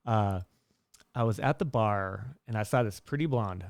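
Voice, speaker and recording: A young man with a creaky, slightly slow voice talks casually to camera in clean studio sound with no room echo. The life-advice vlogger rambles through a monologue with restarts and fillers, acting out his stories with a lifted voice and pitch that jumps on dialogue.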